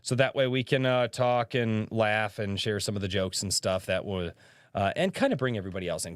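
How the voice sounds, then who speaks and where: A man's voice: mid-range voice, a bit bright, no echo. A young man hosting a casual livestream podcast, telling stories and reading chat comments aloud as he talks. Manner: chatty storyteller, reads chat aloud.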